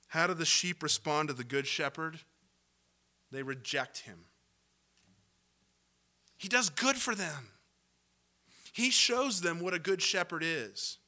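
Man, pastor, sermon, bright ringing voice, slightly high, impassioned, sarcastic asides. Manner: impassioned preaching, sarcastic asides, builds to loud climaxes.

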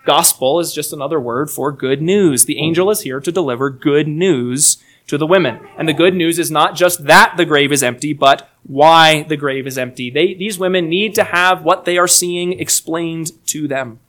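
A man delivers a sermon with earnest emphasis. His voice sits a little high, and his delivery shifts between quiet, low passages and raised, stressed lines. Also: normal speed, few pauses. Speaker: preacher. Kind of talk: expository sermon.

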